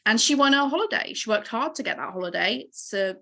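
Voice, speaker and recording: A woman's voice: medium pitch, expressive, fast, gravelly, bright, forceful tone. A woman in her thirties giving an encouraging, emotional motivational training to her team over a video call.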